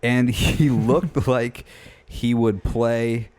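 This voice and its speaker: A young man co-hosting a podcast, telling a story in a casual, animated way, swearing and laughing as he acts out what people said. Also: medium pitch, very slow. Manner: animated, swears a lot, laughs often, acts out quotes in a raised voice. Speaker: podcast co-host.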